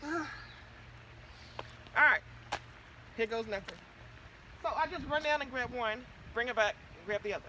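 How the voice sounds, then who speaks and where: Bright, lively woman vlogging outdoors. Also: a little high, moderate pace, long pauses, slight background noise. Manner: playful, chatty, breathless and exclaiming. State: out of breath. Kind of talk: casual vlog to viewers.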